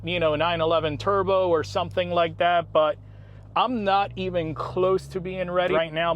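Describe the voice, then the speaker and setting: Upbeat man chatting while driving. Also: high-pitched. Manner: relaxed, rambling, enthusiastic. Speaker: car vlogger. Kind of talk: casual driving vlog chat. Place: inside a car on the road. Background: car engine and road noise.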